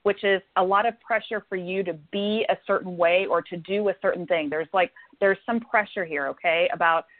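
A woman's voice: fairly low pitch, moderate pace, few pauses. A woman giving a psychic reading on a call-in show, affectionate, calling callers honey and sweetie and checking in with "okay?" again and again. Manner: warm, affectionate, repeats "okay?" often. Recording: tinny phone-line sound.

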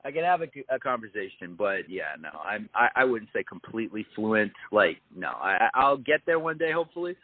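A man's voice: fairly low pitch, brisk, few pauses, dry recording. A man, an actor from Canada, chatting easily in a casual interview over a video call, with plenty of fillers and restarts. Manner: easygoing, lively, full of fillers and restarts. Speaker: actor guest. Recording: tinny phone-like call audio.

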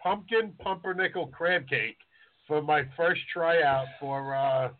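Chatty chef co-host: higher-pitched man, animated and self-mocking, thin phone-like sound. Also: slow pace. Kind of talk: casual chat, storytelling.

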